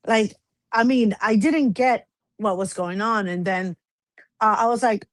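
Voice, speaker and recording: A woman's voice: fairly high pitch, a little slow, no echo. A woman in her forties, a guest in a casual chat, telling a personal story in a rambling way with many fillers and restarts.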